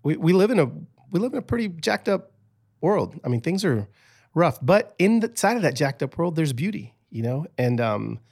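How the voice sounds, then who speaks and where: A man who is a podcast guest, telling stories in a chatty, animated way with many restarts. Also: fairly high pitch, moderate pace, creaky. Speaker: podcast guest, author and speaker. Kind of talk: casual storytelling interview.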